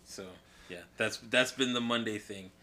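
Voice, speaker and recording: A man's voice: medium pitch, steady tone, moderate pace, sharp tone. A man co-hosting a casual chat, laid-back and agreeable. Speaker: podcast co-host.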